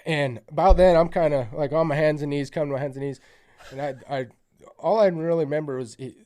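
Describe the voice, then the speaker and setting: A man telling a wild story in casual podcast chat, rambling with lots of fillers and swearing, louder as it builds. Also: fairly high pitch, quick pace. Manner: rambling, profane, many fillers; gets loud and excited at the climax.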